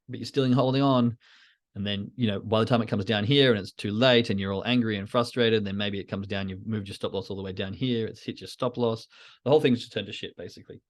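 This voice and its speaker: A man with a lowish voice gives a relaxed trading lesson, talking through a chart step by step. He slips into little acted asides that voice what nervous traders are thinking. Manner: casual, acts out traders' inner thoughts in quick asides. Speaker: trading educator. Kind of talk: explaining charts in a podcast lesson.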